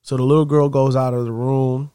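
A man's voice: mid-range voice, level tone, fairly quick, warm tone, smooth, no echo, studio quality. A man casually telling a story, conversational and repetitive in phrasing. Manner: conversational, repeats "she's like".

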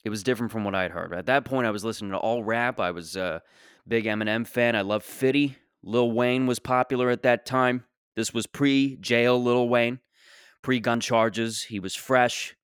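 Smooth-voiced young man rambling through a story. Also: medium pitch, fairly even intonation, moderate pace, fairly bright tone, dry recording, clean studio sound. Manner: rambling, digressive, trails off. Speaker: podcast host. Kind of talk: comedic solo storytelling.

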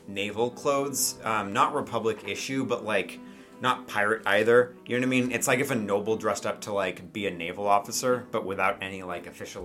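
A man's voice: on the low side, fairly bright tone. A man narrating a tabletop game as game master, rambling with many fillers.

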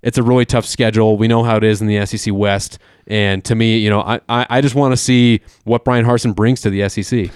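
A man's voice: fairly low pitch, steady tone, fast, few pauses, a little mellow, clean tone, no room sound, studio quality. A man co-hosting a casual sports talk show, eager and tripping over terms as he explains. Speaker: co-host.

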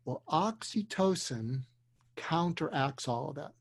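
An older man, a psychiatrist, telling a story earnestly and deliberately, dropping to a hush for emotional moments. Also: a little high, animated, creaky, husky, no echo. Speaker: guest, psychiatrist. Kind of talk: storytelling in a conversation. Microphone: video call.

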